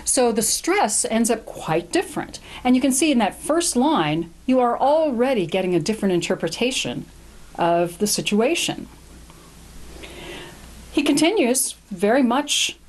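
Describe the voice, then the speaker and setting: A woman's voice: fairly high pitch, big pitch swings, unhurried. Woman lecturer, thoughtful and explanatory, with fillers and self-corrections. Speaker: lecturer on classical poetry. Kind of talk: recorded lecture with Latin readings.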